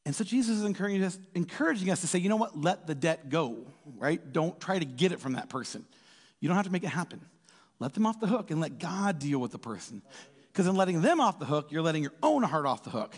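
A man preaching a casual sermon in a lively way, acting out quotes in different voices. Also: on the high side, fast, husky. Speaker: pastor. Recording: reverberant hall.

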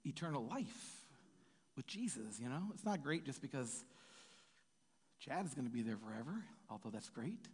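A man's voice: medium pitch, very animated, moderate pace, long pauses, breathy edge. A man giving an informal, rambling sermon in a conversational way, often asking "right?". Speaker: preacher. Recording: reverberant hall with soft music.

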